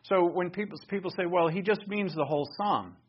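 A man teaching a Bible lesson in sermon style, conversational and animated, raising his voice for emphasis. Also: high-pitched, brisk, breathy edge. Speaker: pastor teaching. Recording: dull lo-fi recording.

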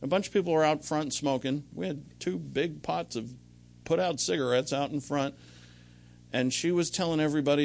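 A man's voice: fairly high pitch, fairly quick, creaky, slight background noise. A middle-aged man preaching a sermon in a conversational, rambling way, full of anecdotes and restarts. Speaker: pastor.

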